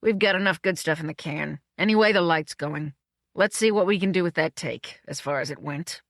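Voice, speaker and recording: A reader voicing a loud, irritable male film director who shouts orders. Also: mid-range voice, a little fast, creaky, no echo, clean studio sound. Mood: resigned. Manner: shouting orders through a megaphone, profane.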